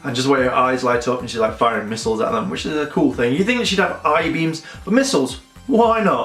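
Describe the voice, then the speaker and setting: A man's voice: medium pitch, lively intonation, a little fast, fairly bright tone. A man giving a casual, rambling and sarcastic episode review. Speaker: fan reviewer. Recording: roomy echo, faint music behind.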